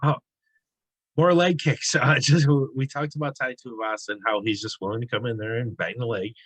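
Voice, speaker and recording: A man's voice: mid-range voice, normal speed, fairly bright tone, no room sound, low-quality recording. Man breaking down fight picks. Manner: conversational, frequent fillers and restarts. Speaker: sports betting analyst. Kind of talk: casual sports betting analysis.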